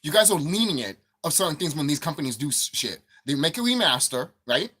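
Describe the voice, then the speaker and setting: A man's voice: on the high side, expressive, fairly quick, sharp tone, slightly rough. A man delivering a profane, heated rant about video game prices, repeating himself as he builds up steam. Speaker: gaming commentator. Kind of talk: angry gaming rant.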